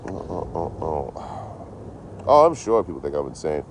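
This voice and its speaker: A man from Detroit rambles casually and swears heavily while livestreaming into his phone outdoors beside a road. His voice is low and rumbling with a sing-song lilt, at a normal speed, over a faint hiss or hum.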